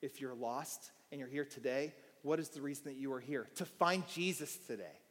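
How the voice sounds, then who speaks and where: A man preaching a sermon as pastor, telling a story with quiet asides and bursts of shouting. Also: medium pitch, normal speed. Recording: long hall reverb.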